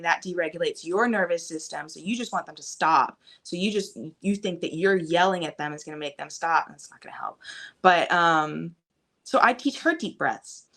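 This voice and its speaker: A woman's voice: low voice, vocal fry, a bit bright. A young adult woman talking casually as a podcast guest, rambling with many fillers. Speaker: guest, fitness coach and mother.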